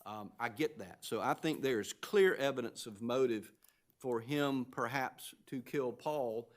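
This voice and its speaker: A man serving as an appellate justice, questioning counsel from the bench in a halting, measured way, with many fillers and restarts. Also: medium pitch. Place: appeals courtroom.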